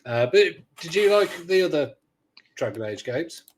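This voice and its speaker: A man's voice: fairly high pitch, sing-song, measured pace, slight background noise. A man hosting a casual podcast chat, talking in a rambling, hesitant way with dry sarcasm. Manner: rambling, hesitant, many fillers and restarts; dryly sarcastic. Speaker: podcast host.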